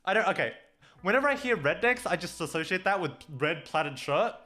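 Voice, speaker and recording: A man's voice: high-pitched, expressive, fairly quick, pushed and bright. A young Australian man chatting casually on a livestream, rambling, swearing and laughing often. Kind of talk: casual chat stream. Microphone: desk microphone.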